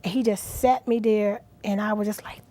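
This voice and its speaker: A middle-aged woman guest on a talk show, speaking earnestly and with feeling, at times dropping to a soft near-whisper. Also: mid-range voice, moderate pace. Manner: earnest, animated, drops to soft near-whispers at emotional moments. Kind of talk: inspirational talk show interview.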